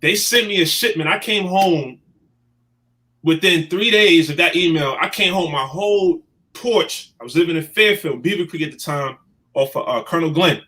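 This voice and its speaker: Bright-voiced man telling a story. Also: fairly high pitch, normal speed. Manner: animated, emotional storyteller. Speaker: guest. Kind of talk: storytelling in casual chat.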